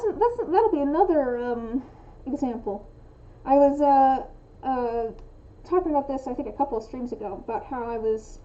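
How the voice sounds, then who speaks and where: On a lo-fi recording, a young western American woman speaks in a mellow, somewhat high voice. She rambles as she makes resin dice on stream, thinking out loud, stumbling into restarts and fillers, and regularly saying -in' for -ing.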